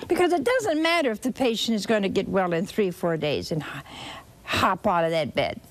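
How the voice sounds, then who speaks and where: A woman preaching a sermon, telling a scripture story slowly and expressively with dramatic repetition. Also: medium pitch, sing-song.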